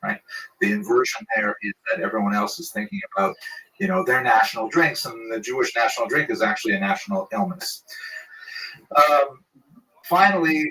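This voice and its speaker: A man's voice: mid-range voice, big pitch swings, a little fast, bright, forceful tone, far from the mic, rough recording. A man, a rabbi, lecturing on humor, telling jokes and explaining them in an amused way with frequent fillers.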